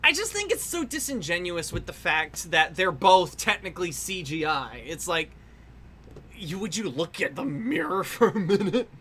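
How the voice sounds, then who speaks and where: Streamer artist, casual drawing-stream chatter, rambles and swears, bright forceful tone. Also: medium pitch, sing-song, normal speed, breathy edge. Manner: rambling, swears freely, laughs often, restarts lots. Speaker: artist livestreaming while drawing.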